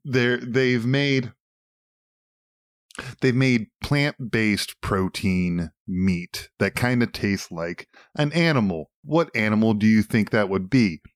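A man's voice: lowish voice, takes it slowly, no echo, clean studio sound. A man co-hosting a casual talk show, rambling, swearing and enthusiastic. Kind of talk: casual chat.

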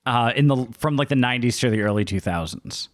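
A man's voice: medium pitch, animated, quick pace, dry recording, studio quality. A man co-hosting a casual movie review podcast, listing facts wryly with many fillers. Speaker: podcast co-host.

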